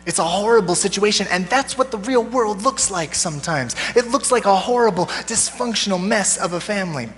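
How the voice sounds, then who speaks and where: A man's voice: high voice, expressive, fairly quick, hardly any pauses, a bit bright, a little hiss or hum. Conversational preacher man in a reverberant church. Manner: casual, conversational preaching with questions to the congregation. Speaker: pastor. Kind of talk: sermon. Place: church sanctuary. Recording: long church hall reverb.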